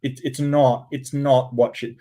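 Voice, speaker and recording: A man's voice: medium pitch, level tone, a little slow, dark tone. An Australian man hosting a reaction commentary, talking in a sarcastic, mocking way. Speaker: commentary host.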